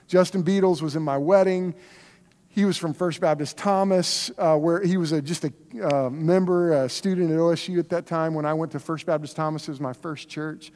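A man preaching a sermon as pastor, telling stories in an animated, conversational way. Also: high-pitched. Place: church sanctuary. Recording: long reverb of a large hall.

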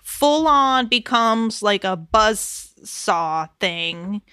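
A woman co-hosting a podcast, chatting casually about a TV episode, laughing often and dropping into quick mock voices of the characters. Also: mid-range voice, animated, sharp tone, clean tone, no room sound, studio quality. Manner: swears casually. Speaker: podcast co-host. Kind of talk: casual chat recapping a TV episode.

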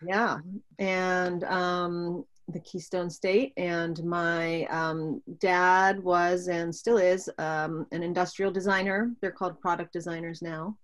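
A woman's voice: fairly low pitch, level tone, takes it slowly. A woman from Pittsburgh, Pennsylvania, talking casually as an interview guest, chatty with frequent ums.

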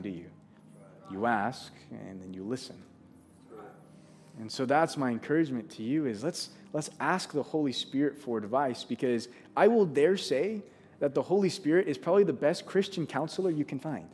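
A man's voice: mid-range voice, expressive, moderate pace, darkish tone. A man preaching a sermon, earnest and conversational, often restarting his sentences. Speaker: pastor.

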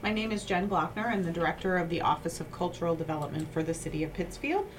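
A woman's voice: fairly low pitch, expressive, fast, a little hiss or hum. A woman hosting a local radio show, chatting casually and enthusiastically with her guest. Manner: chatty and enthusiastic, thanks people.

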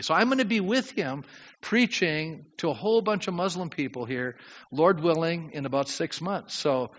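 A man preaching a sermon as pastor, lively and questioning his congregation. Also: on the high side. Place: church sanctuary. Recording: dull sound with long hall reverb.

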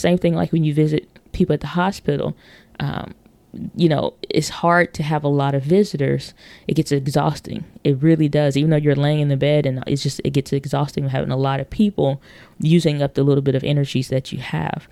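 A woman's voice: low voice, fairly even intonation, moderate pace, vocal fry, dark tone, no echo. A woman hosting a podcast, talking casually and rambling with many fillers and restarts, acting out quoted voices as she tells stories. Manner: acts out quoted voices in storytelling. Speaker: podcast host. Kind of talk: casual monologue on marketing.

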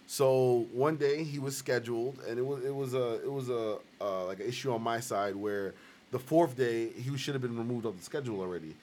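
A man's voice: medium pitch, brisk, a little hiss or hum. A man hosting a casual podcast chat, telling a story with lots of laughter and acting out the quoted people. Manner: animated storyteller, acts out quoted voices, laughs often. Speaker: host. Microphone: live stream recording.

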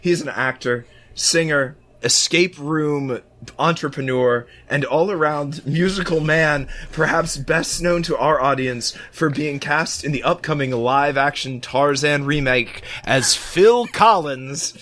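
Hoarse man with a head cold. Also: a little high, takes it slowly, a bit bright. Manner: playful, theatrical. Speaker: podcast host. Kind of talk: casual podcast chat.

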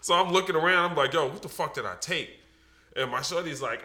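A man with a bright, forceful voice spins a loose, profane story among friends. His delivery is animated and casual, full of swearing and little exclamations. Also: on the high side, brisk, echoey room. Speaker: podcast co-host.

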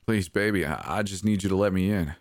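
A man's voice: sits low, brisk, no echo, studio quality. A man voicing a desperate young man in a storybook horror reading, urgent and pleading.

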